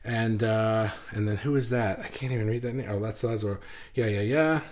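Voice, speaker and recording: A man's voice: on the low side, brisk, darkish tone. A man hosting a live online session, talking loosely with many fillers and restarts as he reads viewer comments aloud. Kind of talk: casual livestream talk, reading comments aloud.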